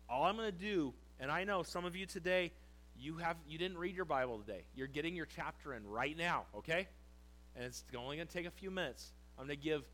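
A male preacher with a high voice delivers a sermon in a church. He reads scripture slowly and with force, then drops into casual, chatty asides to the congregation. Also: a bit bright, poor audio. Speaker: pastor.

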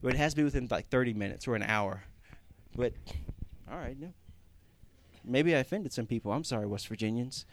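A man's voice: mid-range voice, fairly quick, pauses often, a little hiss or hum. A young man preaching a sermon in a conversational way, rising to emphatic Scripture reading.

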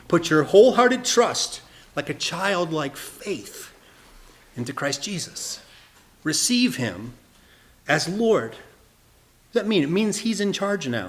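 Guy preaching, kinda high voice, earnest, stumbles and repeats words. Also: a bit bright. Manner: earnest, repeats words, talks straight to listeners. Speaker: preacher teaching evangelism. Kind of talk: sermon.

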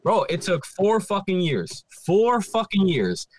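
A man's voice: high voice, a little slow. A man in his thirties telling a story in casual chat, swearing constantly and acting out what people said. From Puerto Rico heritage, living in Philadelphia. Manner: swears constantly, animated retelling with acted-out quotes. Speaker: podcast co-host.

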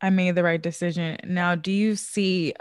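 A woman's voice: lowish voice, fairly even intonation, moderate pace, smooth, no echo, studio quality. A woman talking openly and emotionally with a reader about her career and a recent breakup. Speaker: client of the reading. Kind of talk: casual conversation.

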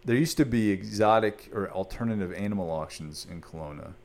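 Chatty curious man, lowish voice. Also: a little fast. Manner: curious, chatty, lots of fillers. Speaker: podcast host. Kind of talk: casual interview chat.

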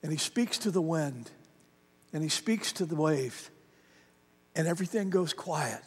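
Pastor preaching with emphatic, repeating phrasing. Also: male voice, a little high, expressive, unhurried, husky. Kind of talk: sermon. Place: church sanctuary. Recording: long church hall reverb.

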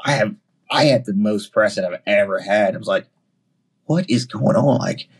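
Husky-voiced Southern man telling stories. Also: on the low side. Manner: animated, quotes himself and others in quick bursts. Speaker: podcast guest. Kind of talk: casual storytelling chat.

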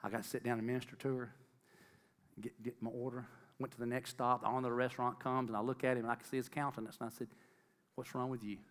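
A man's voice: medium pitch, little pitch movement, rapid-fire, big-room sound. A middle-aged man giving an earnest testimony sermon to a congregation, repeating phrases for emphasis and calling out to the crowd. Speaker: lay preacher.

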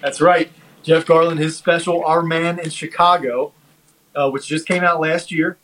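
A man co-hosting a casual podcast chat, talking haltingly with many fillers and restarts. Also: on the high side, flat delivery, fairly bright tone, slight background noise, low-quality recording. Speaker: podcast co-host. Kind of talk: casual chat reviewing a comedy special.

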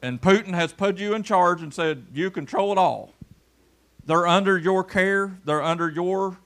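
A pastor preaching a folksy sermon in church, pulling people up front for a demonstration and swinging between loud calls and low murmurs. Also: male voice, unhurried. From Kentucky.

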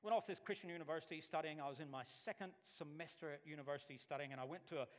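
A man's voice: on the high side, racing, long reverb tail. A man from Alabama, preaching a sermon and telling stories with acted-out voices. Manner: animated storytelling, acts out voices. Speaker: pastor.

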